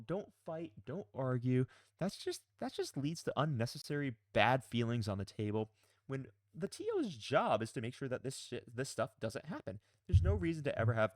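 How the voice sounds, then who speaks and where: A man's voice: medium pitch, no room sound. A man who plays and coaches a tabletop wargame, giving blunt, emphatic advice in a casual, mildly profane way. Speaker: pro player and coach.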